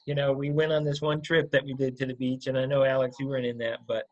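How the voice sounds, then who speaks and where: A man's voice: medium pitch, flat delivery, quick pace, darkish tone. A man chatting casually with old friends on a podcast. He keeps breaking into laughter as he tells stories. The sound is somewhat muffled and lo-fi. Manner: laughs often while telling stories. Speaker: podcast co-host. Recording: muffled lo-fi audio.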